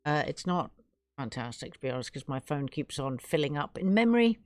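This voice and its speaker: A woman's voice: low voice, big pitch swings, fairly quick, dry recording, clean studio sound. A woman from England hosting her own live stream, chatting casually and gushing her thanks to viewers.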